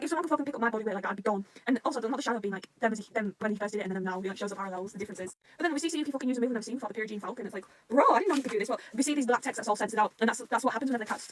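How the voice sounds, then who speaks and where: A woman reacting to a manga arc, rambling and swearing often, swinging between rants and excitement. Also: a little high. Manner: swears constantly, rambling, quick emotional swings.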